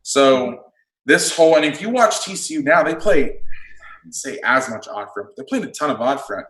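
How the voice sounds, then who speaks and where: A man's voice: mid-range voice, animated, normal speed, a bit bright. Football coach guy, plain mid voice, cusses a lot, talking schemes in an echoey room. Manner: blunt, swears freely, explains plays in detail. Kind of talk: casual podcast chat. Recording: roomy echo.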